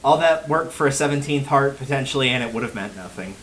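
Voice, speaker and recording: A man's voice: medium pitch, lively intonation, fast, a bit bright, a little hiss or hum. A man giving casual gameplay commentary on a livestream, chatty and wry, joking as he plays.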